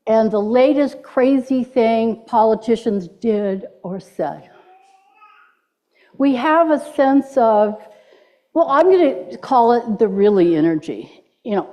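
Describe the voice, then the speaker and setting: Woman, middle-aged, minister, playful sermon, slow delivery, dull lo-fi recording. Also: on the high side. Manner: playful, leads the congregation in call-and-response. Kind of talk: sermon with audience participation. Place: church sanctuary.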